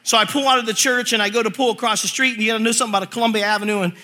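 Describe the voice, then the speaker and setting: A male preacher telling a funny story in a sermon, animated and acting out voices, laughing as he goes. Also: high-pitched, racing.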